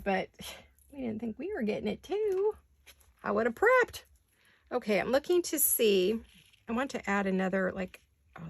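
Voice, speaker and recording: An older woman who is hoarse today, chatting casually while she crafts in her home studio and thinking aloud in wandering asides. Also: medium pitch, no echo. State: hoarse, deep voice. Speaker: craft vlogger.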